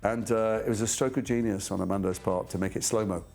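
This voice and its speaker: A middle-aged man speaking in a low, gravelly voice as he recalls stories from his acting work. He talks reflectively, restarting sentences and poking fun at himself. Soft music plays faintly underneath. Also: fairly even intonation, fast talker. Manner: thoughtful, trailing restarts, self-deprecating. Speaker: actor interviewed about his career. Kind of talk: reflective anecdotal interview.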